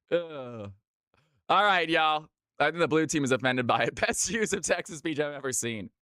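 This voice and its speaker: Upbeat guy from california casting a game on stream, bright punchy voice, bone dry mic. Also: a little high, dry recording. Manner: upbeat, chatty, talks straight to chat. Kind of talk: live esports play-by-play commentary.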